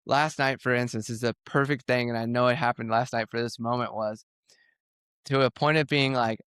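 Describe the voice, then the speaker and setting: A man speaks in a candid podcast conversation, with an intense, animated way of telling stories and acting out his own past words. His voice sits at a middle pitch and sounds smooth and resonant. The recording is dry and close, with almost no room sound. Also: brisk, no echo. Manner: intense, animated storytelling, quoting himself. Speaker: podcast guest.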